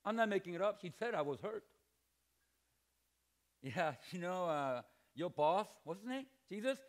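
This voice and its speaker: Animated high-voiced male preacher. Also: normal speed, pauses often. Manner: animated, acts out dialogue and jokes; shouts at emphatic points. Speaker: pastor. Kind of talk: sermon. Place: church hall, preaching to students.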